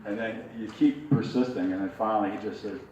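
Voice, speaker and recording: A man's voice: fairly low pitch, steady tone, a little fast, darkish tone, muffled recording. Man, ventriloquist teacher, folksy, chatty, distant mic, echoey room, faint background noise. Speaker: ventriloquist teaching a puppet workshop. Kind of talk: workshop teaching. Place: workshop room.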